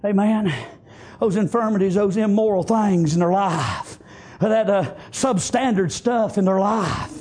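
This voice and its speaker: High-voiced shouting preacher man. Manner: shouted phrases, each begun with a drawn-out "uh"; swings between loud shouting and low, quiet storytelling. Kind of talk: fiery sermon.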